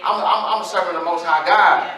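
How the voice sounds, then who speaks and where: Pastor, male, high bright voice, loose slangy sermon, echoey hall. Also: moderate pace, crowd noise. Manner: casual slang-filled preaching. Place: church. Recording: echoey church from a distance.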